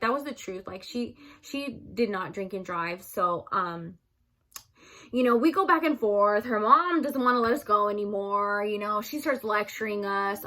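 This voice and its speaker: A young woman telling a story casually to her viewers, chatty, calling them "you guys" and loudly acting out what people said. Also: mid-range voice. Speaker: storyteller vlogger.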